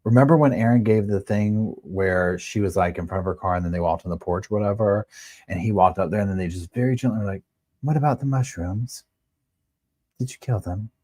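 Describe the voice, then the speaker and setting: A man's voice: low voice, fast, darkish tone. A man hosting a live true-crime stream, chatting casually, greeting viewers and reading out comments and statements.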